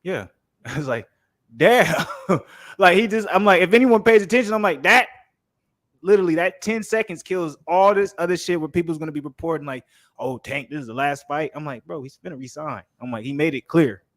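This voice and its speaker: A man co-hosting a casual podcast chat, explaining things in a rapid, emphatic way. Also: fairly high pitch, a bit bright, dry recording, studio quality. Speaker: podcast co-host.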